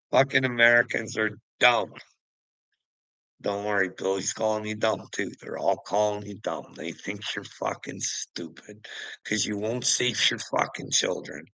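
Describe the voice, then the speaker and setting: A gravelly man rants at the camera, cursing and mocking as he goes. His low voice swoops widely up and down, and it is recorded close and dry. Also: lively intonation, takes it slowly, pauses often, bright, forceful tone, no echo, rough recording. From Canada. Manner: profane, mocking, laughs between lines. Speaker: vlogger. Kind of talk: casual rant.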